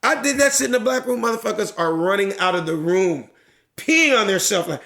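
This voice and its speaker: A middle-aged man, a stand-up comedian, talks through his act in a loose podcast conversation. His voice sits a little high and rings bright and forceful. He performs the crowd and himself in quick voices and swears freely. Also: lively intonation, creaky. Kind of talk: casual podcast chat, retelling a stand-up bit.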